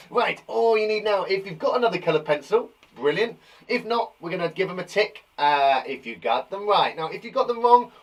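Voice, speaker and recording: A man teaching a spelling lesson to young children, jokey and encouraging. His fairly high voice swings widely in pitch. He speaks slowly and leaves room between words. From England. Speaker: primary school teacher.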